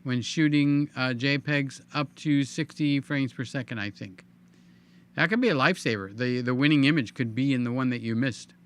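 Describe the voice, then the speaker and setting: An older man hosting a live stream in a casual, chatty way, reading viewer comments aloud with a hoarse, tiring voice. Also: medium pitch, normal speed, a bit bright. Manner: chatty, reads viewer comments aloud, hums filler sounds. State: hoarse, voice giving out. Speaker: livestream host.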